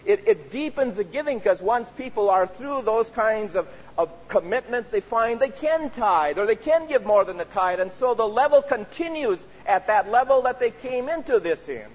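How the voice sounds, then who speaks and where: Speaking at a moderate pace with few pauses, this pastor has an expressive voice that sits high. His sermon, recorded in a reverberant church sanctuary, is earnest and peppered with "you see" as he makes his case.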